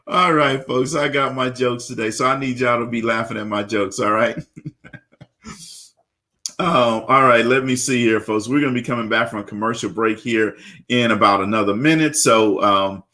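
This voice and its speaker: Male radio show host from louisiana, upbeat, repeats and stumbles over words, mid-pitched voice. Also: fairly even intonation, a little fast, sharp tone. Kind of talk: live radio talk show.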